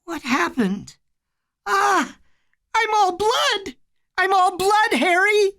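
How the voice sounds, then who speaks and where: A reader voicing a small, terrified young boy with a high, thin, trembling voice in a storybook reading. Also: animated, slow, pushed and bright, exaggerated voice. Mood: frightened.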